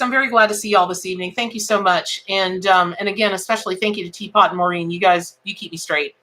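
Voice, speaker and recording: A woman's voice: medium pitch, pushed and bright. A woman giving a live tarot reading, chatting folksily with viewers and greeting them by name. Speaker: tarot reader.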